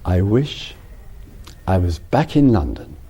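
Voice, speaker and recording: A man voicing a shipwrecked Englishman in a joke, quiet and matter-of-fact. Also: low voice, very animated, slow, husky, voice pushed down, exaggerated voice. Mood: plain. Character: castaway Englishman wishing for home.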